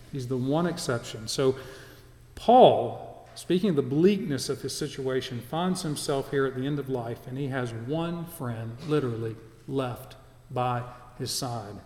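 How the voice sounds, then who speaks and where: A man's voice: mid-range voice, mellow. A man preaching an expository sermon as pastor, earnest and emphatic, often repeating himself and restarting phrases. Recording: echoey church hall with long reverb.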